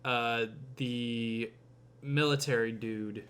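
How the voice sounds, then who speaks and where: A young man hosting a podcast casually retells a film's plot, rambling with many fillers, swearing and acted-out quotes. His mid-range voice has fairly even intonation and is very slow, a bit bright, clear and resonant.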